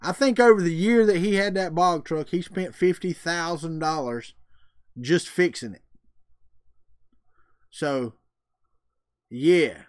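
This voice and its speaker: A man's voice: fairly high pitch, slow, long pauses, clear, resonant tone, no room sound, clean studio sound. A man with a Southern US accent hosting a casual livestream, chatting with viewers in a folksy, joking way. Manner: folksy, drawling, jokey. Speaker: livestream host. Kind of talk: casual chat with live viewers.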